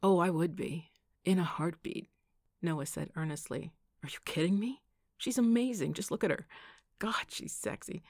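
A woman's voice: on the low side, moderate pace, vocal fry, a little mellow, dry recording, studio quality. A woman reading the part of a playful, teasing young man in an audiobook, speaking grandly and boisterously.

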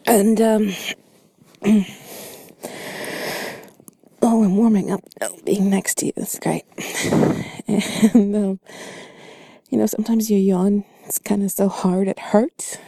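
A woman in a whispered role-play, talking softly and teasingly to the listener as her bed partner. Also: medium pitch, steady tone, slow, vocal fry, long pauses, husky, no room sound. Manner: soft, teasing and playful, often whispering. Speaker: ASMR creator.

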